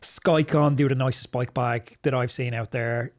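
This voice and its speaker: A man co-hosting a podcast, giving practical cycling gift tips in relaxed, matter-of-fact chat. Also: medium pitch, normal speed. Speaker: podcast co-host. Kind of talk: casual gift-guide chat.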